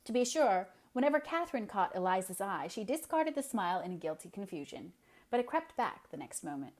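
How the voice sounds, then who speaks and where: A woman's voice: mid-range voice, big pitch swings, a little fast. Woman reading a classic novel aloud. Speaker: narrator.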